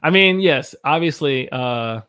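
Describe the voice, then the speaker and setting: A man's voice: fairly high pitch, animated, a little slow, pushed and bright, clear, resonant tone. Brief: American male English teacher, casual livestream from a home room, jokey, reads chat aloud. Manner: playful, jokey, laughs often; reads viewer comments aloud.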